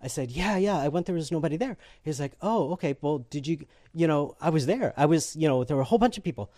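A man tells a personal story in a casual, animated way, acting out the other people in it and laughing often. His voice sits a bit high for a man. The recording is close and dry, with almost no room sound. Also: fast talker, no echo. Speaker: guest telling his conversion story.

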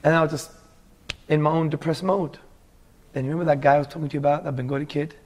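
A man's voice: on the high side, fairly even intonation, quick pace. A man in his forties from England, earnestly telling his life story as a guest in a casual interview and calling the host bro.

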